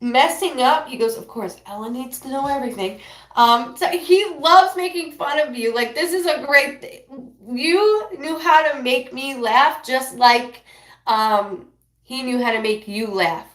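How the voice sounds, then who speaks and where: Woman, psychic medium, rambling live reading, fairly high voice, roomy echo. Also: a bit bright. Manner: rambling, apologetic, relays messages in quick bursts.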